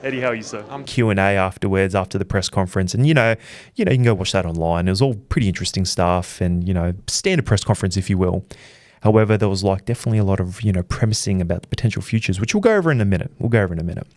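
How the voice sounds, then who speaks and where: A young Australian man hosting a boxing channel, rambling through an excitable, self-deprecating recap of fight week. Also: deep voice, rapid-fire, dry recording, studio quality. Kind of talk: casual storytelling recap.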